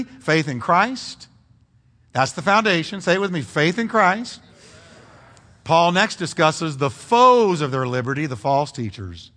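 A middle-aged man preaches a sermon with a lively, swooping delivery and a bright, forceful tone. He keeps putting questions to his congregation. His voice rings through a church hall with a long echo. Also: fairly high pitch. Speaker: pastor. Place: church sanctuary.

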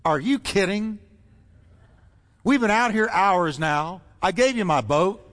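A man's voice: high voice, expressive, takes it slowly, a bit bright, long reverb tail, full character voice. A man voicing a tired, discouraged fisherman in a sermon, sounding exasperated. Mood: irritated. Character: tired, weary fisherman Peter, middle-aged man.

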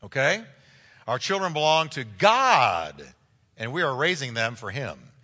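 A man's voice: medium pitch, sing-song, measured pace, pushed and bright. A middle-aged man preaching a sermon as a pastor, emphatic and repeating key phrases. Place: church sanctuary. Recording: long reverb of a large hall.

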